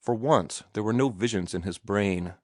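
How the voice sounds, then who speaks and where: An audiobook narrator reads a novel aloud from a script, calm and measured in a lowish voice. The recording is clean studio sound with no room sound.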